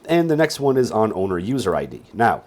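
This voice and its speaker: A man's voice: on the low side, big pitch swings, a little fast, darkish tone. A sleepy man teaching a casual screen-share tutorial on databases, rambling along with wry joking asides. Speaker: database instructor.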